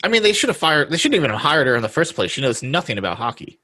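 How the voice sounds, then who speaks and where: A man's voice: on the high side, big pitch swings, very fast, pushed and bright, breathy edge. A man hosting a podcast, chatting casually in an easygoing way and laughing often. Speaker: podcast host. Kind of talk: casual chat.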